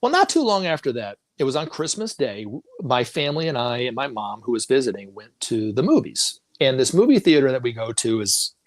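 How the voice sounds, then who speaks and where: A man's voice: mid-range voice, big pitch swings, fairly quick, hardly any pauses, no room sound, clean studio sound. A middle-aged man, a guest on a talk show, telling a personal story in a casual, rambling way, often restarting and acting out what people said. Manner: rambling, with frequent restarts and quoted dialogue.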